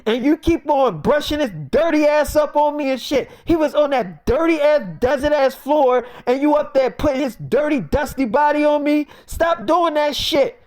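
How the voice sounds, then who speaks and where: A man's voice: extremely high pitch, moderate pace, few pauses, a little mellow, voice pushed up. A man voicing a whiny, foul-mouthed grown man who keeps complaining in a squabbling way.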